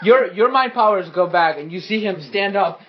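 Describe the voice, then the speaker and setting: A man narrating a tabletop game as game master, animated and quick to laugh at himself. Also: high voice, lo-fi sound, slight background noise. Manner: animated, breaks into laughing asides.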